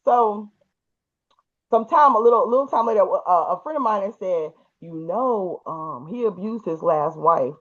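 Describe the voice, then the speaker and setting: A woman telling a personal story in a casual, animated and emphatic way, with colloquial speech. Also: mid-range voice, a little slow, lo-fi sound.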